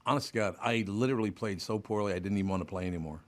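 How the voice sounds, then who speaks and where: An older man with a Minnesotan accent hosting a casual radio-style talk show, gruff and swearing freely. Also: fairly low pitch, rapid-fire. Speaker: host. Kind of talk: casual chat.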